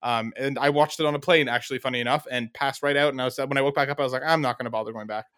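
A man's voice: mid-range voice, fairly even intonation, a bit bright, clean tone. A man co-hosting a podcast who chats casually, teases his guest and laughs easily. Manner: teasing, quick to laugh, friendly ribbing. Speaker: podcast co-host. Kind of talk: casual chat.

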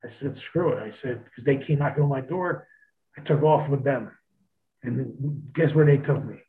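A man's voice: medium pitch, moderate pace, slight background noise. A man telling stories in a casual chat, laid-back and profane, laughing often. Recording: tinny phone-like sound.

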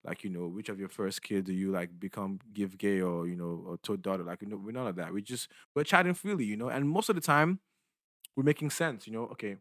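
A young man chats loosely as the host of his own podcast. He rambles in slang and keeps checking in with his listeners. His voice is somewhat low, and it is recorded dry with no room echo. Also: brisk, fairly bright tone. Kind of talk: casual solo podcast monologue.

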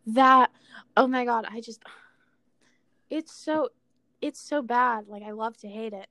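A young woman co-hosting a podcast, chatting casually, excitable and giggly, swearing a lot. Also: a little high, measured pace, dry recording. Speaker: podcast co-host. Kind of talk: casual chat.

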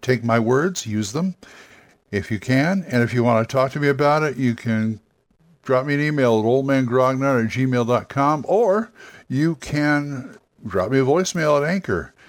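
A man's voice: medium pitch, animated, normal speed. An older man hosting a solo podcast, giving rambling, self-correcting, encouraging advice on running tabletop games. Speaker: podcast host giving game master advice. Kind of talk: casual solo podcast talk.

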